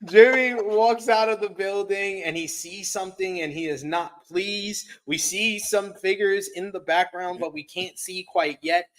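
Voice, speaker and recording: Man, slightly high voice, casual recap, chatty co-host. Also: a little slow, few pauses, fairly bright tone. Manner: recaps events in detail, conversational. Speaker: podcast co-host. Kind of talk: casual wrestling review chat.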